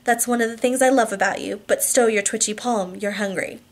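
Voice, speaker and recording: A woman's voice: medium pitch, fairly quick, lightly acted. Woman doing a curt, murmuring rich businessman. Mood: curt, teasing.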